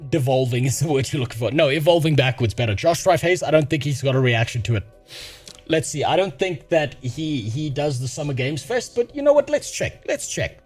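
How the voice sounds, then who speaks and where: A man's voice: a little high, animated, brisk, a little mellow, faint music behind. A man streaming a casual reaction, sarcastic and crude, swearing often.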